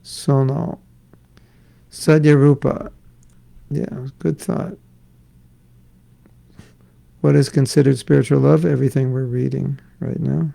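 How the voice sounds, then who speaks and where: Brief: middle-aged male spiritual teacher, gravelly and warm, chatty class with jokes. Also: medium pitch, fairly even intonation, slow, long pauses, poor audio. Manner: conversational, joking asides. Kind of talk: scripture class with questions. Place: class in Florida.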